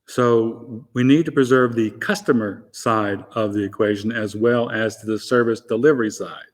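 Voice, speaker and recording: A man from Arkansas with a softened Southern accent, a guest explaining things in a measured way with dry wit. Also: on the low side, long reverb tail. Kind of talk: interview answers.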